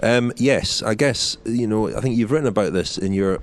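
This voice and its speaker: Deep-voiced easygoing male co-host. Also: moderate pace, slight background noise. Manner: easygoing, tags questions to co-hosts. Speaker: podcast co-host. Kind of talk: casual chat, race report.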